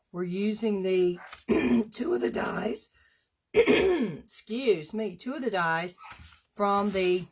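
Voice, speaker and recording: A woman demonstrating a paper craft on a live stream, chatty and unhurried, stopping now and then to clear her throat. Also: medium pitch.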